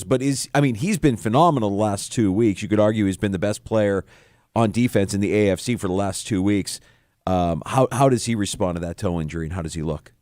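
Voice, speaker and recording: A man co-hosting a sports radio show, breaking down matchups in a measured, analytical way. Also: lowish voice, a little mellow, no echo, studio quality.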